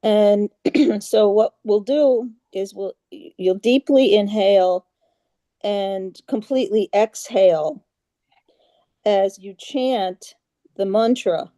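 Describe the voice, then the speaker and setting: A woman guides a group through a meditation over a video call, speaking slowly with a mellow, soft tone. She is patient and halting, full of little fillers, and chants her mantras in an even monotone. The sound is dry and close. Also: mid-range voice, no room sound. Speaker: yoga class leader.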